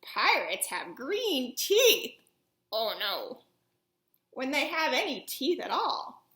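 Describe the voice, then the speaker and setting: Playful woman reading a picture book to kids, high, lively and unhurried, echoey room. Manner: playful and animated, with soft asides. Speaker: children's story reader. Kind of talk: read-aloud storytelling for children.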